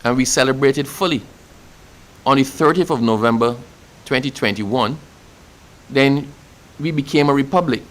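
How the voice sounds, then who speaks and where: A man with a Barbadian accent and a medium-pitched voice answers a reporter at a press event at a moderate pace, though the audio is poor. He grows passionate and proud, building to emphatic declarations and repeating himself for emphasis.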